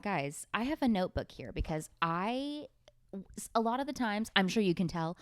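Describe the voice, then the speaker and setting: A woman's voice: mid-range voice, no echo, clean studio sound. A young adult woman hosting her podcast from a beanbag at home, casual, playful and self-mocking, swearing freely. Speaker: podcast host. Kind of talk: casual chat.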